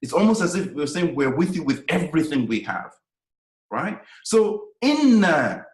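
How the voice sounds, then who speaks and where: A man's voice: fairly high pitch, very animated, normal speed, reverberant, low-quality recording. A man teaching Quranic Arabic in a lecture, explaining step by step and often checking in with "right?". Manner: explanatory, frequent "right?" check-ins, emphatic.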